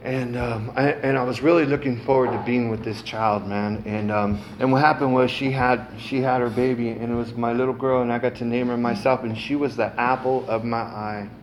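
A man's voice: mid-range voice, little pitch movement, fairly quick, few pauses, slight background noise. A middle-aged man giving a casual, salty personal testimony at a recovery meeting, peppered with "man" and "um". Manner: casual, frequent "man" and "um", cusses freely.

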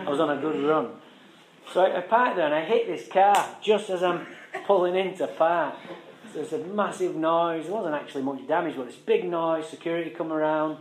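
A man tells a raw personal story to a gathered audience, swearing freely and joking wryly. His voice sits slightly high for a man. The room echoes loudly behind him. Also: background noise. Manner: frank, profane, wry, conversational. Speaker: speaker sharing his recovery story.

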